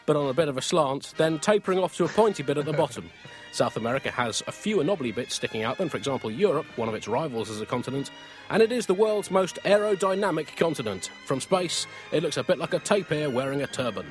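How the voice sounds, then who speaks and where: A man's voice: on the high side, very animated, fast, soft background music. A man co-hosting a comic podcast, delivering jokes in a dry, mock-grandiose way. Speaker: podcast co-host.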